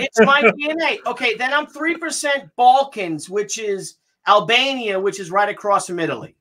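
A man hosts with an excited, teasing energy. He keeps stalling before each reveal. His voice has a sharp, bright edge. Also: high voice, normal speed. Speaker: host. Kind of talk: casual family chat.

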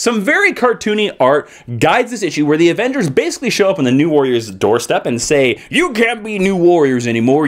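A man from Kansas reviews comic books in a casual, enthusiastic way. His somewhat high voice swoops up and down with lively emphasis. He keeps the chat energetic and opinionated. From Kansas, United States.

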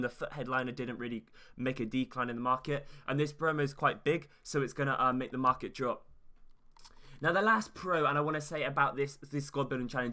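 Bright, hyped young gaming guy. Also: medium pitch. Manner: fast, chatty, hyped, talks straight to viewers. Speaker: gaming YouTuber. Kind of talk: casual gaming commentary.

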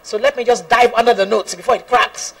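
Woman gospel singer, fairly high voice, earnest testimony, frequent laughs, mic set back. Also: brisk, husky, distant mic, poor audio. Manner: earnest, laughs often, quotes scripture. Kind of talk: personal testimony talk.

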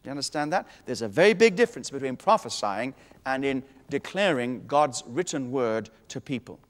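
A man's voice: medium pitch, big pitch swings, brisk, big-room sound. A man preaching a sermon, teaching with emphatic authority and quoting scripture.

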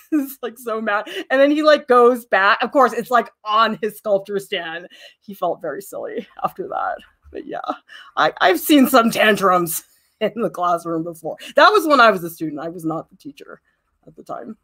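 A young woman teaches a drawing demo in a loose, chatty way, with her pitch leaping up and down as she talks. She laughs often and makes fun of her own work while she tells classroom stories. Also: normal speed. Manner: self-deprecating, laughs often, animated storytelling. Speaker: art teacher.

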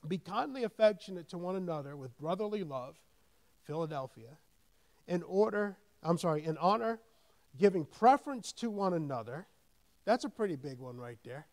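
A man's voice: on the high side, animated, moderate pace. A man preaching a sermon as pastor, reading scripture aloud with rising emphasis and dropping into plain asides, often repeating words as he goes. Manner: repeats words and restarts when thinking aloud.

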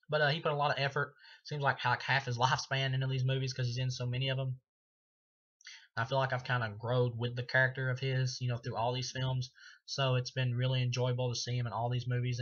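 Rambling, foul-mouthed man with a bright, flat voice. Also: mid-range voice. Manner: rambling, profane, full of fillers. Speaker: movie reviewer. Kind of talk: casual spoken film review. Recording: dull lo-fi recording.

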